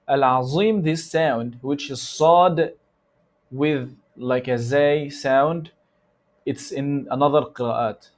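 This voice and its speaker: A man with an Egyptian Arabic accent, a native Arabic speaker, teaching a recitation lesson in loose conversational English and slowly repeating sounds to demonstrate them. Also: medium pitch, darkish tone. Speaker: tajweed teacher. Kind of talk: instructional lesson.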